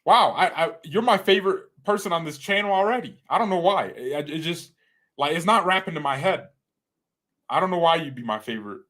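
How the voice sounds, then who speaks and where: A man's voice: a little high, fairly quick. A man hosting a fan channel in casual, rambling live-stream chat, joking around and slipping into playful put-on accents. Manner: chatty and excitable, addresses viewers as guys and bro.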